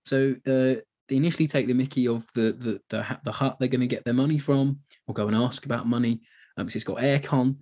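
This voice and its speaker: A man's voice: mid-range voice, steady tone, a little fast, creaky, a little mellow. A man from England co-hosting a podcast, chatting casually about a war film and acting out its lines. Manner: chatty, laughs, acts out quoted dialogue. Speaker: podcast co-host.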